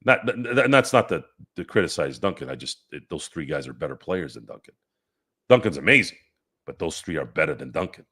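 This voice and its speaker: A low-voiced man hosts a casual sports live stream. He reads viewers' comments and fires back at them, arguing in rambling sentences full of restarts. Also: fairly bright tone.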